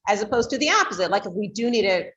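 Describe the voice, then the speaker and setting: A woman's voice: medium pitch, lively intonation, racing, a bit bright, muffled recording. A woman teaching a class, explaining with frequent fillers like "you know" and acting out tones of voice to make her points. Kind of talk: lecture to a class. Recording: roomy echo.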